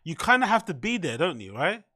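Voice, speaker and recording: A man streams his reactions to clips in loose, slangy commentary. His voice sits a little high and swings widely as he laughs and sounds incredulous. The sound is dry and close, with no room around it. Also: big pitch swings, fairly quick, bright, forceful tone, no room sound.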